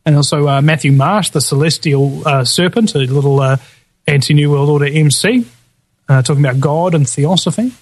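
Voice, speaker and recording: A man's voice: on the high side, moderate pace, no room sound. A man hosting a podcast, casually rambling through a list of past guests with lots of fillers, restarts and jokey asides. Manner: laughs often, jokey asides. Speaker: podcast host.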